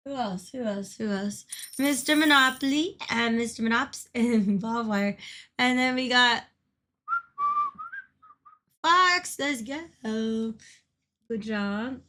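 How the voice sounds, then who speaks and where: A woman streams a game and chats casually with viewers, giggling often and swearing freely when she gets worked up. Her voice is a little high and a bit bright, and she speaks slowly.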